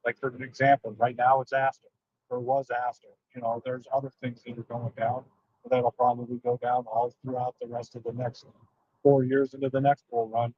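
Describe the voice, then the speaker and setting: A man calling into a stream, talking in a hesitant monotone with many fillers. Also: mid-range voice, normal speed, slightly rough, dry recording, highs cut off. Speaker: caller. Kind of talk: casual call-in chat.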